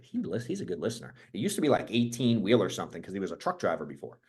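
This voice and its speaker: Energetic, profane male business coach. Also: fairly low pitch, very fast, few pauses, breathy edge. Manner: energetic, profane, rambling storyteller. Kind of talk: casual motivational talk to a group.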